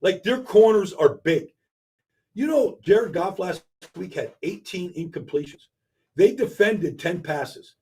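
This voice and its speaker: A man talking sports on a radio show, emphatic and quick, repeating words as he builds each point. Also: high-pitched, a little mellow, husky. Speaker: regular guest analyst. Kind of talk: casual sports talk.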